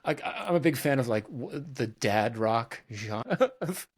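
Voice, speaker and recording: A middle-aged man talking as a podcast guest in a casual, relaxed way, with many fillers and restarts. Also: medium pitch, measured pace, slightly rough, dry recording, studio quality. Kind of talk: casual conversational interview.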